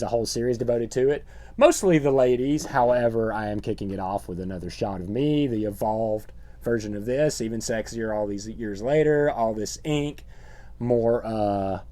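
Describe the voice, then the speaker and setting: A middle-aged man hosting a horror channel, talking through his collection in a rambling, sardonic show-and-tell monologue full of deadpan jokes. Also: on the low side.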